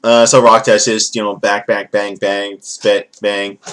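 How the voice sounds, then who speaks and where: A man's voice: lowish voice, flat delivery, takes it slowly, a bit bright, clean tone. A man giving a rambling, profane, jokey recap as a casual wrestling event reviewer.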